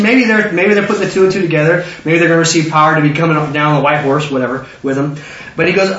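A man preaching a sermon who acts out biblical figures in excited voices. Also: on the high side, rapid-fire, a little hiss or hum. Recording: roomy, distant, dull lo-fi sound.

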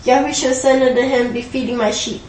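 A woman giving a measured, formal scripture reading, heard from a distance. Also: sits high, fairly even intonation, darkish tone, a little hiss or hum. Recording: distant voice in an echoey room.

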